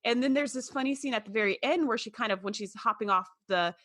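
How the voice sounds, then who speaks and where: A woman co-hosts a casual podcast, her voice bright and forward at a middling pitch. She retells scenes with lots of life and slips into quoted voices as she goes. The sound is dry and close to the mic. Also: fast talker, no echo. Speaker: podcast co-host.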